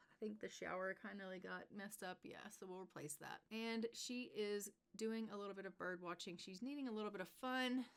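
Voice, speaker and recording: A woman hosting a gaming channel, narrating a life-sim game in a chatty, excitable way and laughing often. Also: medium pitch, smooth. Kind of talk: let's play narration.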